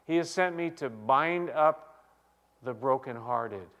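A man's voice: medium pitch, lively intonation, slow, muffled recording. Man preaching with wide swings in volume. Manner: dynamic preaching, swinging from loud exclamations to hushed quiet. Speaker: pastor. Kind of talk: sermon.

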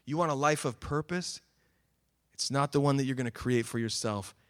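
A man preaching a sermon, earnest, swinging from emphatic calls to quiet, sober remarks. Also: mid-range voice, moderate pace. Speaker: pastor.

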